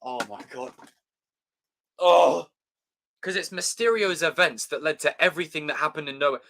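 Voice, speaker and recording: A man chatting casually on a live stream, excitable and swearing freely as he talks to his chat. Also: a little high, fast talker.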